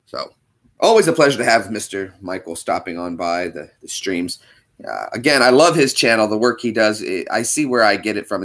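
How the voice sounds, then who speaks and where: A man hosts a livestream of casual, joking chat, rambling through jokes that amuse himself. His voice is fairly low in pitch and a bit bright.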